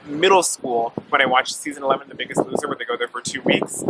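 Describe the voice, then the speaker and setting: A man's voice: fast talker, very noisy. A man in his twenties talking casually to the camera in a vlog, saying "like" a lot and laughing between sentences. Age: 20s. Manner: chatty, says "like" a lot, laughs mid-sentence; swings up high and animated for quoted bits. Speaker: vlogger.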